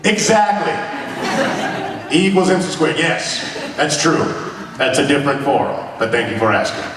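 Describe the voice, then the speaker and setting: A playful man chats and tells stories to a crowd, his fairly high voice ringing through a big echoing hall. He sounds distant from the mic, with a faint hiss underneath. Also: normal speed. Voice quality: animated and playful, laughs often. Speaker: actor on a convention panel. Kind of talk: casual storytelling to an audience. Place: large convention hall. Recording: echoey hall, mic heard from afar.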